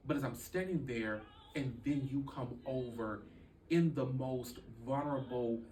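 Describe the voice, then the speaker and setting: A man telling a deeply personal story as a podcast guest, speaking earnestly with halting restarts. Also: darkish tone, roomy sound, distant mic, a little hiss or hum, rough recording.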